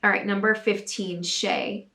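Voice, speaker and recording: A woman's voice: mid-range voice, fairly even intonation, measured pace, gravelly, bright, forceful tone. A young woman hosting a casual talk segment, bubbly and chatty with lots of filler words. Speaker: host reading viewer submissions. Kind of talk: casual chat and reading aloud.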